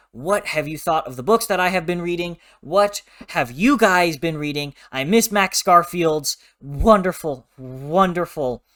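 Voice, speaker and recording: Animated man rambling in a book vlog. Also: a little high. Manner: animated, playful, rambling with self-corrections; frequent throat clearing. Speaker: book reviewer, channel host.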